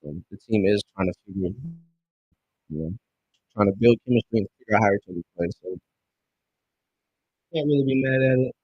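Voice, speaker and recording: A young man streaming a basketball watch-along, chatting casually in slang and breaking into loud yelling over referee calls. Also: lowish voice, brisk, long pauses, husky, no room sound, highs cut off. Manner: excitable fan commentary, bursts into loud yelling at calls; casual slang, calls listeners bro and dog. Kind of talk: live game watch-along commentary.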